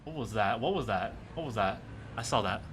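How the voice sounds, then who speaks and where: A man's voice: fairly low pitch, lively intonation, fairly quick, a bit bright, husky. A man streaming a game, chatting casually with his viewers in a rambling, joking way full of fillers. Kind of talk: casual chat with live chat while playing a game.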